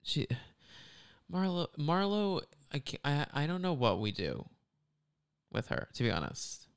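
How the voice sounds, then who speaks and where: Smooth-voiced opinionated co-host. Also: medium pitch, very animated, measured pace, no room sound, studio quality. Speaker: podcast co-host. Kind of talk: casual reality TV recap chat.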